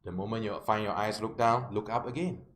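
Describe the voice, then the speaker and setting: A man's voice: on the low side, fairly quick, fairly bright tone. A man, a life coach telling a client story as a self-help lesson, often checking in with his listeners. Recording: roomy with faint background noise.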